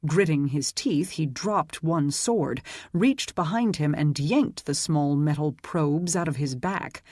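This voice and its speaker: An audiobook narrator reading a dark fantasy story in a steady, even storytelling manner. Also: medium pitch, takes it slowly, no room sound, studio quality. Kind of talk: scripted narration.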